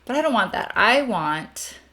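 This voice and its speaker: A woman's voice: medium pitch, sing-song, unhurried, bright, forceful tone. A young adult woman giving a chatty, friendly screen-share tutorial as a family history instructor, with frequent ums.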